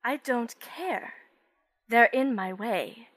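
A ruthless villain speaks low and quiet, cold and menacing, as a woman puts him on. The voice is close and dry, with no room around it. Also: takes it slowly, dry recording. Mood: cold menace.

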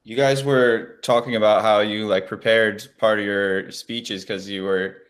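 A man hosting a podcast in a casual interview, speaking in a friendly, relaxed way with frequent "like" fillers. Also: on the low side, measured pace. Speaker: podcast host.

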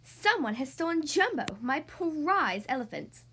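A woman voicing an anxious, excitable king in a storybook read-aloud, speaking in a raised, pleading, worried way. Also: high-pitched, measured pace, a little hiss or hum, full character voice.

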